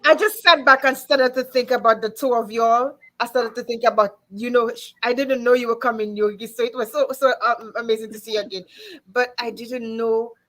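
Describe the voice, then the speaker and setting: A woman's voice: on the high side, fairly even intonation, fairly quick, a bit bright, poor audio. A woman telling her personal testimony on a talk panel, earnest and laughing through emotion.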